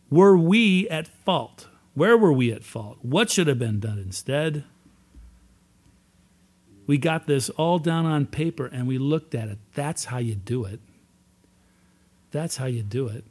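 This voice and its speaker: A man speaking at a recovery meeting, telling his own story with earnest, emphatic repetition. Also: fairly high pitch. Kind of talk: personal testimony talk.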